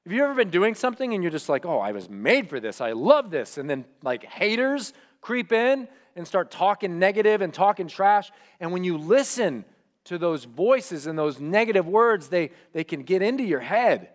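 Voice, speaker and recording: A man's voice: sits high, normal speed. A storytelling young male pastor. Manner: storytelling, shifts from loud animated retelling to quiet reflective asides. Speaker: student pastor. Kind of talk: sermon.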